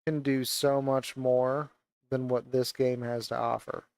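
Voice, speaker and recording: Wearing a VR headset and speaking into a gaming mic, a man plays a game and unleashes an angry, profanity-laced rant like a venting gaming vlogger. His mid-range voice is darkish, level and unhurried. There's no room sound.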